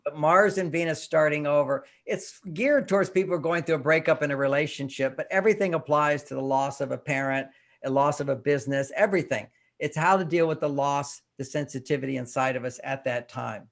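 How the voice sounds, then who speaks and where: A man's voice: fairly high pitch, fairly quick, vocal fry. An older man, a relationship counselor and guest in an interview, explaining his techniques and acting out little scenes as he talks. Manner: animated storyteller, acts out little scenes.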